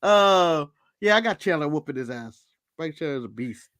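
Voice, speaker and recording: American guy co-host, very lively pitch, jokey and teasing, dry close sound. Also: moderate pace, no room sound. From United States. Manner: animated, joking, mimics people and laughs at his own bits. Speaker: podcast co-host. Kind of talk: casual wrestling recap chat.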